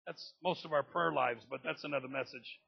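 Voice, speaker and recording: A man preaching a sermon with a gravelly, husky voice, swinging from low talk up to loud shouting. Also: fairly quick, muffled recording. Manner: builds from low talk to loud shouting, acts out family members. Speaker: pastor.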